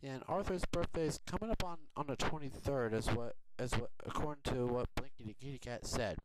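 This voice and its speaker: A man's voice: medium pitch, brisk. Rambling man on a noisy recording. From Houston, Texas. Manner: rambling, chatty, laughs often. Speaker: video blogger. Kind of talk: casual update vlog. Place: quiet home. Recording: noisy home recording with clicks.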